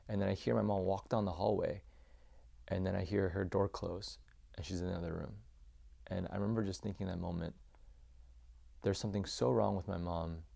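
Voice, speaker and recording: Low gravelly-voiced man recounting his childhood. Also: warm tone. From United States. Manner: reflective, halting, many fillers. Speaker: podcast guest, former youth pastor. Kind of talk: personal storytelling.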